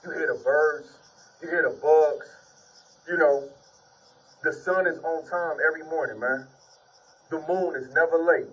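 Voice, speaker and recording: A man's voice: on the high side, fairly even intonation, a little slow, pauses often, a bit bright, slightly rough, distant mic, low-quality recording. A man giving an informal sermon and testimony, reading scripture and preaching earnestly, repeating "man" often while sitting on the ground. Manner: earnest, repetitive, peppers speech with "man".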